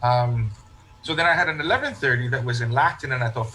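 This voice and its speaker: A man's voice: medium pitch, sing-song, brisk, bright, forceful tone, slight background noise, poor audio. A man, a parish priest, talking in a casual interview and telling stories that he acts out with quoted remarks and frequent restarts.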